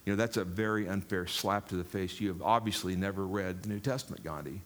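A man's voice: low voice, quick pace. An older man preaching a sermon in a jokey, rambling way, talking straight to the congregation. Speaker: pastor.

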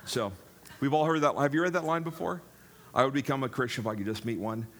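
A man's voice: medium pitch, quick pace, fairly bright tone. An older man preaching a sermon in a jokey, rambling way, talking straight to the congregation. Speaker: pastor.

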